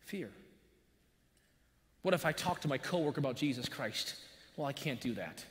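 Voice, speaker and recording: A man preaching a sermon as pastor, telling a personal story in an animated way with buzzing sound effects. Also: medium pitch, fast. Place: church sanctuary. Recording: long church-hall reverb.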